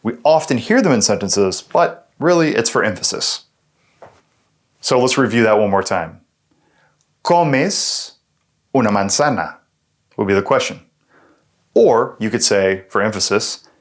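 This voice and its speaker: A male teacher walks through a language lesson at an unhurried pace, breaking each example into parts. His pitch rises and falls a lot as he explains, keeping the delivery lively. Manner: patient, step-by-step explaining. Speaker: Spanish teacher.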